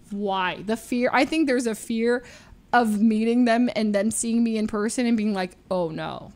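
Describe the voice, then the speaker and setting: Her voice a little high, a young woman streaming in a casual chat spins animated stories full of filler words, acting out each voice she quotes.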